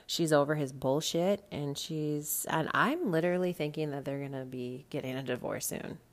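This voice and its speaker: A woman with a low voice hosting a gossip podcast in a casual, blunt way. She swears freely and throws out rhetorical questions, and her voice jumps high and loud when she makes a point. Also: moderate pace. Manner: swings to loud, high exclamations for emphasis. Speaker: podcast host.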